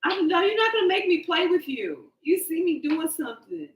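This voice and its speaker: A woman giving a casual tarot reading, animated and joking, laughing often as she talks. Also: very high-pitched, moderate pace, echoey room, poor audio. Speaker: tarot card reader.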